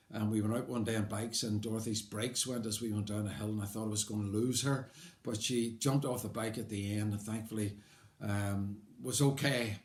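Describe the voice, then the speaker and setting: An older man with a Belfast accent recalls his life in a loose, wry, chatty way. His voice sits at an ordinary pitch. The room around him rings with a noticeable echo. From Belfast, Northern Ireland. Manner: conversational and wry, rambling with fillers. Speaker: storyteller. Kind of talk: personal life story told aloud. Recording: roomy echo.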